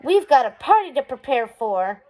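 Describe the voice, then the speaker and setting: A woman reading as a bossy, lively young girl. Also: high-pitched, moderate pace, low-quality recording.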